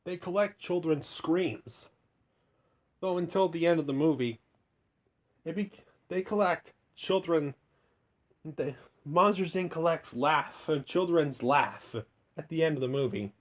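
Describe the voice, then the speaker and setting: A young man quietly retelling a story in a rambling, casual review, keeping his voice down so he won't wake anyone. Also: on the high side, measured pace. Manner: rambling, hushed to keep from waking others.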